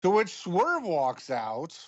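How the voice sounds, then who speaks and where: A man co-hosting a wrestling podcast, recapping events quickly in a run-on, casual way. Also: sits high, wildly swooping pitch, highs cut off. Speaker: wrestling show co-host. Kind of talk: recapping a show in casual chat.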